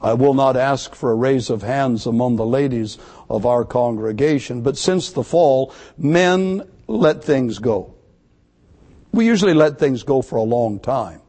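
Male pastor, mid-pitched, delivering an emphatic sermon with repeated words for stress. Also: animated, measured pace, warm tone.

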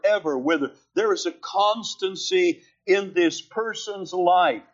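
A man preaching a sermon, slow and deliberate, leaning hard on key words. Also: high voice, lo-fi sound. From California.

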